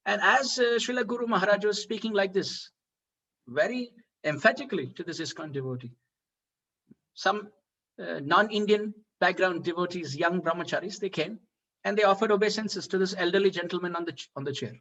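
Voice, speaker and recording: Man preaching a story, high voice, lots of uh's, acting out the dialogue. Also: fairly quick, lo-fi sound. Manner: animated, acts out quoted dialogue, frequent "uh" fillers. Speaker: speaker at a devotional festival. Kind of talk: storytelling sermon.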